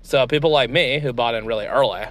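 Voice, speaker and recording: A man's voice: medium pitch, fast talker, natural voice. A man putting on a crude, swaggering male crypto tycoon who talks like a valley girl, full of fillers and bro slang. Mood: irritated.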